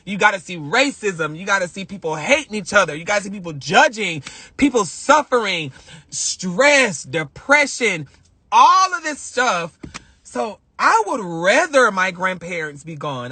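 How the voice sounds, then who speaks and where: A man's voice: high voice, sharp tone, breathy edge, no echo. A man talking on a phone live stream from a car, heartfelt and rambling, often repeating himself. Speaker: vlogger. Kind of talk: emotional live-stream monologue.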